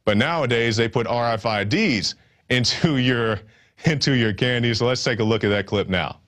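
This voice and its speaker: A man's voice: medium pitch, normal speed, a bit bright. A man hosting a news show, giving sarcastic, rambling commentary with many fillers. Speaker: news host.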